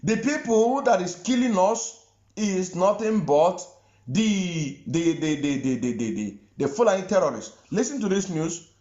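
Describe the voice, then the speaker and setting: Emphatic Nigerian Igbo man, lively pitch. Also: unhurried, reverberant, lo-fi sound. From southeastern Nigeria. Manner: emphatic, repeats phrases for stress. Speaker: online commentator. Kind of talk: impassioned social media commentary.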